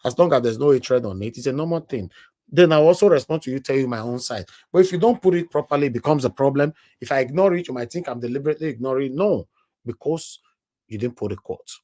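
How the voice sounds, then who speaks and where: A man's voice: mid-range voice, animated, fast, dark tone. A man with a Nigerian accent hosting a live call-in stream, chatting casually and speaking straight to his viewers with bits of pidgin. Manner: chatty, addresses viewers directly, mixes in pidgin. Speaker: live show host.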